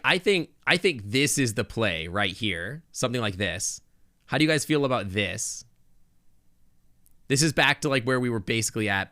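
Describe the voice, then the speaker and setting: Bright, lively male streamer. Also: on the low side, dry recording, studio quality. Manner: chatty, thinking aloud with many restarts and asides. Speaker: game streamer. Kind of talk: casual live-stream chat with viewers. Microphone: desk microphone close up.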